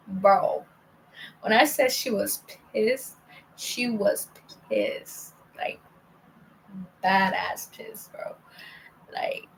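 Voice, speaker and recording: A young woman telling a rambling personal story in a casual monologue, full of "like" and "bro" and often dropping to a hushed near-whisper. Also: mid-range voice, creaky, slight background noise, rough recording. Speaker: vlogger.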